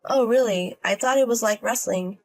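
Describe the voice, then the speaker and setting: A woman doing a deadpan, carefree young gambler. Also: soft background music, close to an everyday voice. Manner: deadpan, low-key, unhurried.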